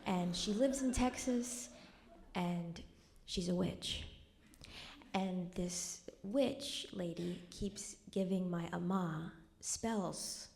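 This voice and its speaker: A woman's voice: lowish voice, very slow, vocal fry, darkish tone. A young woman telling a true personal story live on stage at a cultural center, in a wry conversational way that drops to a near whisper at somber moments.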